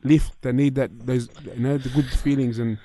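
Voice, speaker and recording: Mellow Australian radio host. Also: male voice, mid-range voice, flat delivery, normal speed, slight background noise. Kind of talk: casual chat.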